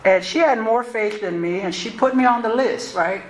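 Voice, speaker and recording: A woman's voice: a little high, normal speed. Candid woman in her sixties telling her story. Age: 60s. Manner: candid, conversational, animated storytelling. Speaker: recovery meeting speaker. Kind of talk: personal recovery story. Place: meeting hall. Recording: roomy hall, faint noise.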